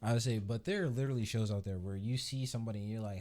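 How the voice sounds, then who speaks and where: A man's voice: on the low side, very fast, hardly any pauses, dark tone. A man hosting a live reaction show, talking bluntly and profanely with laughing asides. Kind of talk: casual reaction commentary.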